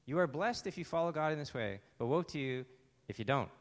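A man's voice: on the high side, lively intonation, fairly quick. Man preaching in a reverberant hall. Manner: conversational preaching with rhetorical questions. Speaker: pastor. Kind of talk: sermon.

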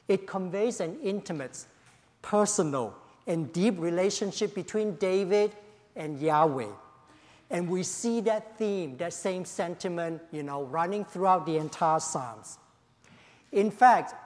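A pastor leading an opening prayer and then preaching a sermon, speaking emphatically, repeating key phrases and often saying "you know". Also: mid-range voice. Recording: long reverb of a large hall.

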